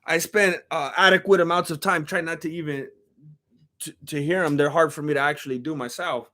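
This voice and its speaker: A man is streaming live, casually chatting about fights in a rambling, slangy, joking manner while he reads out chat messages. His voice sits a little high, with a steady tone and a brisk, pushed, bright delivery.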